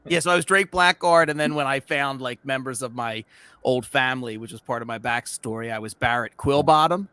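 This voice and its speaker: A man's voice: mid-range voice, a little fast, bright, forceful tone, clear, resonant tone, dry recording. A man interviewing a guest casually, asking rambling questions full of fillers.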